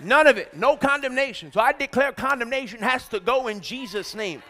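A middle-aged man preaching a sermon, energetic and exhorting, calling out lines for the congregation to repeat and shouting emphatic points. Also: extremely high pitch, fairly quick. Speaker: pastor.

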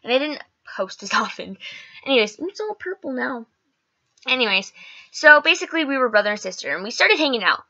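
A woman's voice: high-pitched, big pitch swings, fairly quick, sharp tone, lo-fi sound. A woman vlogger telling a story in casual, chatty talk, full of "like" and "okay" and some swearing.

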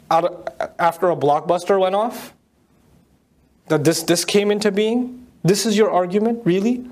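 Guy teaching a quran lecture real fast, kinda mocking, tosses out question after question. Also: high-pitched, a little mellow. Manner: mocking rhetorical questions, rapid Arabic recitation. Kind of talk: tafsir lecture.

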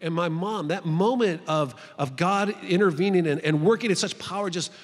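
Male retreat speaker, high voice, lively storyteller, long hall reverb. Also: normal speed. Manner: animated, acting out the voices in his story. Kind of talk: storytelling talk to clergy. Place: large conference hall.

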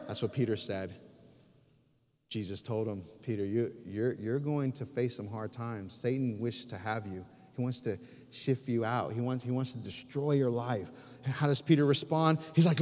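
A male pastor preaching a sermon, emphatic and full of restarts, with sudden drops to hushed, near-whispered lines. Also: medium pitch, measured pace. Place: church sanctuary. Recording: long reverb of a church hall.

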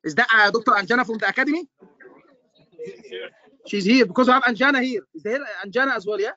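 A man teaching an online exam-prep class, lively, repeating points and checking in with his students. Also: extremely high pitch, quick pace, lo-fi sound. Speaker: medical exam tutor.

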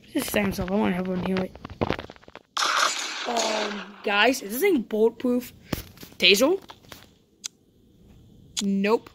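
A woman's voice: medium pitch, slow pace, pauses often, noisy background. A woman doing live gameplay commentary as a YouTuber, jumpy and talking to her viewers, often repeating panicked no's. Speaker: YouTuber playing a roleplay game.

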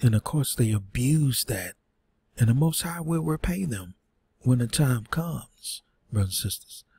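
A man's voice: medium pitch, expressive, a little slow, gravelly, darkish tone, husky. A man teaching a sermon, reading scripture aloud and breaking in with earnest rhetorical questions. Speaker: preacher.

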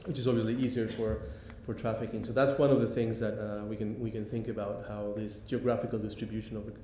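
Guy lecturing, lots of ums, lowish mellow voice, roomy hall w/ faint rumble. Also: little pitch movement. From Mexico. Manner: halting, many ums and restarts. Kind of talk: public lecture.

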